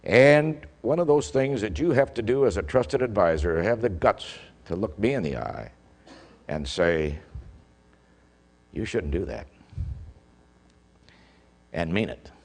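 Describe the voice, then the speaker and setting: An older man, a former football official, telling an animated story as a speaker, acting out the calls he shouted. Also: fairly low pitch, normal speed. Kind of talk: storytelling speech. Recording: long hall reverb.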